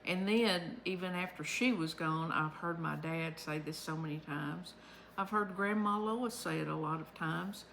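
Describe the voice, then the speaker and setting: Homespun woman, low-pitched voice. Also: vocal fry, fairly bright tone, a little hiss or hum, low-quality recording. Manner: chatty, homespun, unhurried. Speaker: vlog host. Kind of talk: casual devotional talk. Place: her home.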